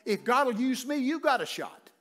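An older man preaching a humorous sermon, telling folksy stories and breaking into loud shouts. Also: extremely high pitch, very animated, moderate pace. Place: church sanctuary.

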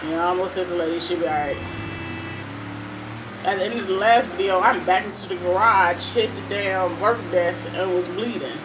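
Speaking at a moderate pace in a lowish voice, this young Cleveland-accented gaming YouTuber rambles chattily to her audience about her gameplay. The background is noisy, with her voice sitting over loud game audio.

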